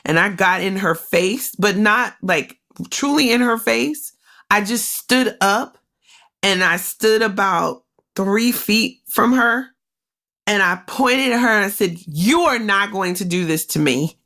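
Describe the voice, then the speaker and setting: Speaking slowly in a mid-range voice with a sharp tone, a woman podcast host recounts something personal. She's candid and emotional, talks right to her audience, and keeps it conversational with frequent "like"s.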